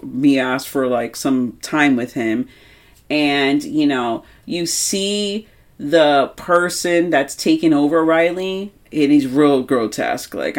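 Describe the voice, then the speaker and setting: A young woman co-hosting a horror movie podcast, talking emphatically and swearing a lot in casual chat. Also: a bass voice. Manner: animated, heavy swearing, emphatic. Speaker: podcast co-host.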